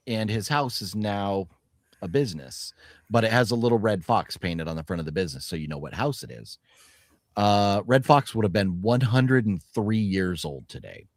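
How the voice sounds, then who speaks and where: Man, podcast host, casual chat, low voice, animated delivery. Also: moderate pace, no echo, studio quality. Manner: chatty, reads off celebrity birthdays.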